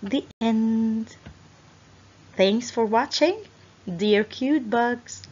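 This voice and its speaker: A woman with a husky voice narrating a children's storybook in an animated, sing-song way. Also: a little high, extremely slow, dull audio.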